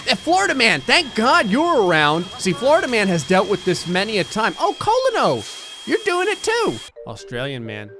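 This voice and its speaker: A man's voice: normal speed, noisy background. Sarcastic man narrating a game. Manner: sarcastic, swings between shrieking excitement and low menacing mutter. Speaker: gaming commentator. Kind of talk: comedic let's play commentary.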